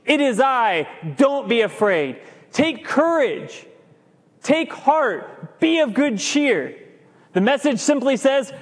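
A man preaching a sermon as pastor, animated, drawing out key words and sometimes stumbling over himself. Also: high voice. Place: church sanctuary. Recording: long hall reverb.

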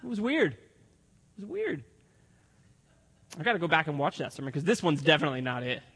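A male pastor delivers a sermon with lots of energy and acts out the people in the story as he goes. His voice sits high and moves all over the place. It carries a long reverb, like a big church hall. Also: rapid-fire, slightly rough. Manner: animated, acts out the characters' lines.

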